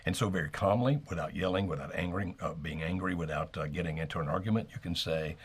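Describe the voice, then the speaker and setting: A man co-hosting a live call-in marriage advice show, calmly explaining what to do and acting out sample lines. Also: deep voice, fast talker, few pauses, breathy edge. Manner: calm, explanatory, acts out sample dialogue. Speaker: marriage coach co-host.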